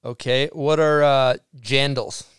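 A man's voice: medium pitch, fairly even intonation, slow pace, fairly bright tone, clear, resonant tone, no room sound, studio quality. A man hosting a podcast who quizzes his guest playfully and reads out terms one by one. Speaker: podcast host. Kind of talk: casual podcast chat.

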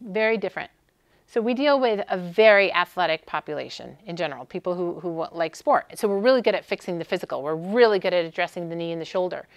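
A middle-aged American woman, a sports medicine doctor, gives a friendly, conversational conference lecture with frequent "um"s. Her lowish voice is expressive and quick, with no echo.

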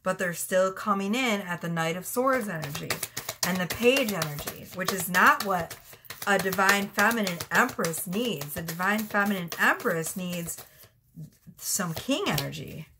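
A woman's voice: fairly low pitch, animated, measured pace, very noisy. Blunt, profane woman reading tarot. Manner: blunt, profane and chatty, often breaking into laughter. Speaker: tarot reader.

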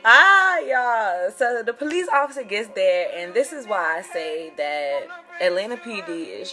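A young woman, telling a story to camera in a casual vlog, animated and profane, swinging between loud outrage and muttered asides. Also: lowish voice. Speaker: vlogger.

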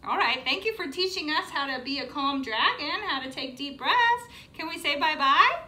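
A woman's voice: high voice, animated, moderate pace, pushed and bright. A woman teaching a yoga class for young children in a sing-song, encouraging, playful way. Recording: echoey room, mic at a distance.

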